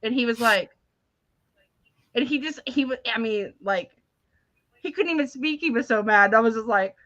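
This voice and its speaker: A young woman co-hosting a casual chat, telling animated stories with frequent laughs. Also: on the high side, moderate pace, no room sound, highs cut off. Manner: animated storytelling, laughs often, acts out quotes. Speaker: podcast co-host.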